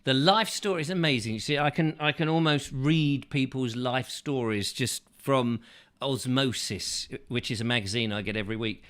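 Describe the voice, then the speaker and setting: A man's voice: mid-range voice, fairly quick, few pauses, a bit bright, clear, resonant tone. A man hosting a chatty show from England, rambling along with jokey asides. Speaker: host. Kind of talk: casual chat.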